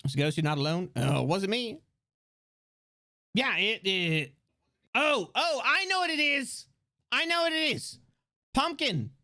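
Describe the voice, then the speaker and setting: A man streaming live, chatting excitably, swearing and rambling with restarts into a desk microphone. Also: very high-pitched, a little slow, pauses often. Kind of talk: casual live-stream chat.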